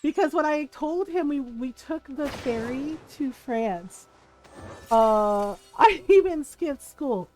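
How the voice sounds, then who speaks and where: A woman's voice: sits high, expressive, takes it slowly, darkish tone, faint music behind, poor audio. A woman livestreamer chatting casually as she tells a story during a game, laughing often and acting out the dialogue. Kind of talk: casual storytelling while gaming.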